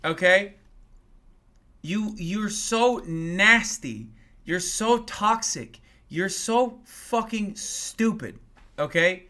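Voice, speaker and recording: A man's voice: high voice, expressive, very slow, pushed and bright. A man in his thirties, a streamer, ranting angrily and profanely at critics, mocking them with sarcastic put-on voices. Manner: mocks critics in exaggerated voices. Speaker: political commentator and Twitch streamer. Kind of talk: livestream rant.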